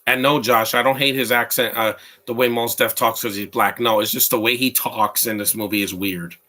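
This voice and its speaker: A man's voice: medium pitch, fairly even intonation, moderate pace, sharp tone. A man giving casual live commentary on a movie, rambling and opinionated as he answers his chat. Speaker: live watch-along commentator.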